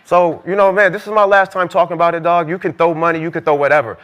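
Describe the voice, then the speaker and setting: A man co-hosting a podcast couch chat, firing off rapid, repetitive trash talk packed with fillers. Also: fairly high pitch, little pitch movement, fairly bright tone. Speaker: podcast co-host, former basketball player. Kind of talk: heated casual podcast banter.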